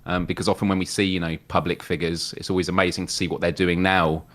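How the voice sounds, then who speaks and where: Low-pitched male guest, easygoing talker, casual show chat. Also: little pitch movement, quick pace, fairly bright tone. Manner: easygoing, explanatory, loose with fillers. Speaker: guest co-host.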